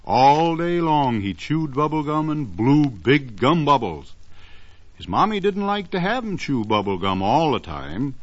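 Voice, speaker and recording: A man's voice: fairly high pitch, big pitch swings. A man narrating a children's story in a sing-song way, stretching words for effect, on a dull lo-fi old recording. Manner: sing-song, drawn-out emphasis.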